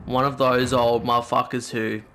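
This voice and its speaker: A teenage guy who hosts a gaming channel tells a rambling, swear-filled story while playing, sounding animated and casual. His mid-range voice moves at a normal pace, with game gunfire audible in the noisy background.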